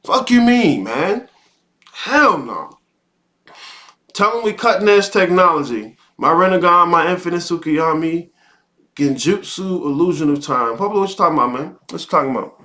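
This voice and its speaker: This is a man with a high-set, sharp voice hosting a live talk stream. He preaches in a cursing, heated rant. He doubles back on his own words and punctuates his points with rhetorical questions. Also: animated, moderate pace. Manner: repeats words, frequent rhetorical "okay?". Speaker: host. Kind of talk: live-streamed spiritual monologue.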